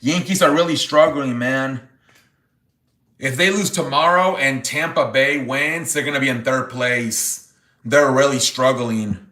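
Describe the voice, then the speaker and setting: A man hosting a casual live-stream sports chat, excitable and profane, reacting loudly to viewer donations. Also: mid-range voice, measured pace, reverberant. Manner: excitable, swears, exclaims "holy frijoles" over donations. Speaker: livestream sports show host.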